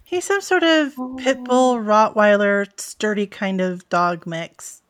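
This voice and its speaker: A woman narrating as game master of a tabletop role-playing game with a dry, deadpan delivery. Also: mid-range voice, slow, clean tone.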